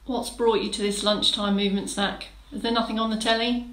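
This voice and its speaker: A fitness instructor for older adults leads a live-streamed exercise class in a fairly high, bright voice with a level tone, speaking a little fast. She chats, greets viewers one by one, and gives encouraging step-by-step cues as sound bounces around an echoey room.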